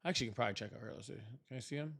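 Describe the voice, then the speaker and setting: A man's voice: mid-range voice, very fast, vocal fry, a bit bright, slightly rough. A young man hosting a casual livestream, chatting with viewers, thanking them and laughing often. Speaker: livestream host.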